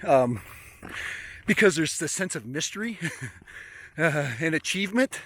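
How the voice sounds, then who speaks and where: A man's voice: fairly high pitch, lively intonation, measured pace, fairly bright tone, no room sound. Chatty man on an outdoor hike. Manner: chatty and rambling, chuckles often. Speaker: drone hobbyist vlogger. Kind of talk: casual outdoor vlog narration. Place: outdoors in open country, hiking.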